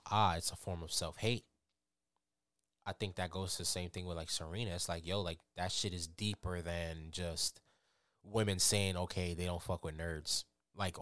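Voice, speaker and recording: Low-voiced young man, casual swearing chat. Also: no room sound, studio quality. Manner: animated, swears freely, many fillers.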